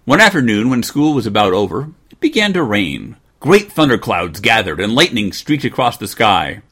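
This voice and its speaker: A man hosting a podcast, reading a children's storybook aloud in an expressive way with dry humor. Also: on the low side, moderate pace, slightly rough. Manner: expressive, dryly joking. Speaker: podcast host.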